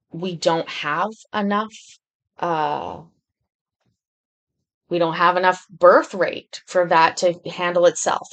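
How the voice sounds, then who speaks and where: A woman hosting a casual commentary show, talking in a rambling, candid way. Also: on the low side. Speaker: host. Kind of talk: casual commentary on court videos.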